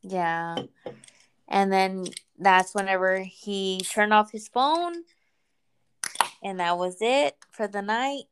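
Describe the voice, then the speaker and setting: A woman casually telling a personal story in a relaxed, chatty way, sometimes acting out what people said. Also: medium pitch, takes it slowly, long pauses, a little hiss or hum. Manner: relaxed, chatty, acts out quoted voices.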